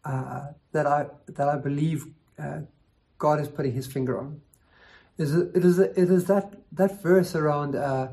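Guy preaching a sermon, earnest and emphatic, mellow dark voice, keeps repeating lines to drive it home. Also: on the high side.

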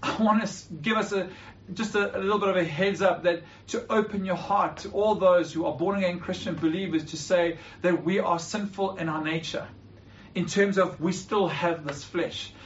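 An earnest male preacher delivers a sermon in a somewhat high voice. He reads scripture aloud and often trips over and repeats his words as he explains. The recording is dull and muffled, with a faint hiss underneath. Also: steady tone, normal speed, recorded from a distance.

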